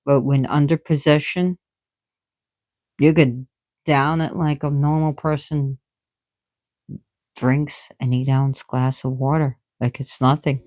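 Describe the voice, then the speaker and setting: Woman teacher, slow giggly explainer, drops to whispers then bursts out loud, dry close sound. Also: very deep voice, no echo, dull audio. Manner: excitable, giggly, jumping between soft whispers and loud bursts. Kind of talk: casual explanatory talk.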